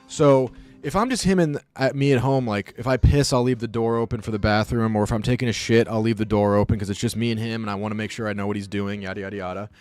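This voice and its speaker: A man's voice: fairly low pitch, fairly even intonation, fast talker, a little mellow, clear, resonant tone, soft background music. Profane, rambling streamer man. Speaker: live streamer. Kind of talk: casual storytelling chat.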